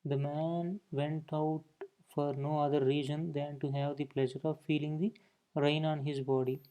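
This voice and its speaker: A man's voice: on the high side, little pitch movement, moderate pace, mellow. A man teaching a grammar lesson, explaining points and often saying "okay" between them. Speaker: English teacher.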